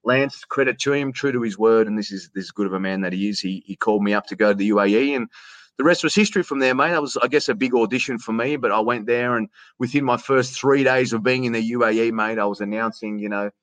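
A middle-aged Australian man in a casual interview, telling stories in a chatty, animated way and calling the host "mate". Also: mid-range voice, fast, no echo. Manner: chatty, animated storyteller who says "mate" often. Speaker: interview guest, sports announcer.

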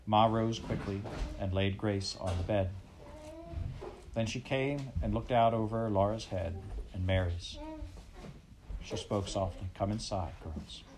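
A man narrating a storybook at a measured, even pace. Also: lowish voice, background noise. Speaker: audiobook narrator.

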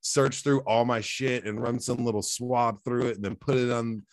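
A man's voice: medium pitch, steady tone, moderate pace, no echo. A man hosting a casual podcast, telling profane, rambling stories full of restarts. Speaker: podcast host.

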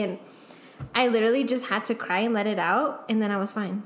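A woman's voice: medium pitch, fast. A young adult woman in casual chat, speaking loosely with slang and fillers.

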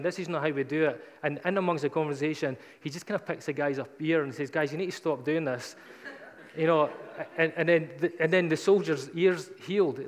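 A man's voice: fairly high pitch, in a large hall. A man preaching a sermon, retelling scripture in a casual, conversational storytelling way.

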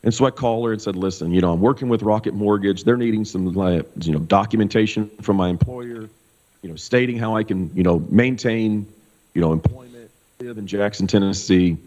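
Low-voiced pastor telling a story in a hall. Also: male voice, fairly quick. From Kansas. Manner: animated, loose storyteller with many fillers. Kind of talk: casual storytelling testimony. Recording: dull sound with long hall reverb.

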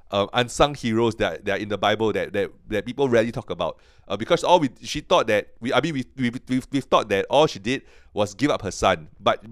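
A man's voice: on the low side, clear, resonant tone, no echo, studio quality. A man teaching from the Bible on a podcast, earnest and eager, who often stops and repeats his words as he goes. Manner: earnest, halting, many restarts and repeated words; grows excited and emphatic.

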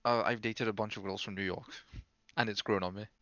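A man's voice: fairly low pitch, fairly even intonation, fairly quick, bright, forceful tone, no room sound, highs cut off. A young man co-hosting a podcast in casual chat, teasing his friends and swearing freely. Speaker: podcast co-host.

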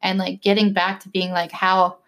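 A woman's voice: mid-range voice, little pitch movement, moderate pace, a bit bright. A young woman in casual conversation, telling a personal story in a chatty way, full of "like" fillers and acted-out quotes. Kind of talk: casual chat.

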